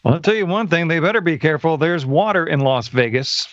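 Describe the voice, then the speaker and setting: A man's voice: on the high side, lively intonation, fairly quick, dull audio, a crowd in the background. A man co-hosting a casual chat, cracking dry jokes. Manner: dry, wisecracking.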